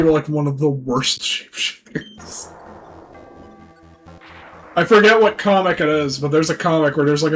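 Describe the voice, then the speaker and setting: A man's voice: a little high, a bit bright, low-quality recording. A young man streaming live, chatting casually, crude and laughing as he rambles. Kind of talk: casual livestream chat.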